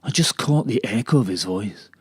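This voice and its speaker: A man voicing a rambling old male kale leaf, telling stories in a dry deadpan comic monologue. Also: on the low side, slightly rough, no room sound. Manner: dry deadpan, drawn-out delivery.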